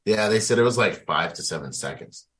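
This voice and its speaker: Deep-voiced man telling a war story. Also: a little fast. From United States. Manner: animated, slangy, laughs often. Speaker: guest, Marine veteran. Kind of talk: conversational storytelling.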